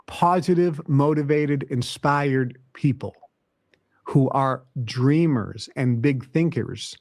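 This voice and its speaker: A man's voice: on the high side, darkish tone, no room sound, studio quality. A man hosting a self-help podcast who gives motivational advice in an emphatic way, listing points and repeating them. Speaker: podcast host.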